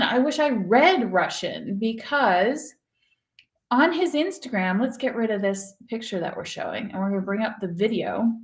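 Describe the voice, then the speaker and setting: Chatty high-voiced woman hosting a show. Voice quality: animated, chatty, quick to laugh. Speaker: show host. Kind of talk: casual chat, reading odd news stories. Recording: roomy echo.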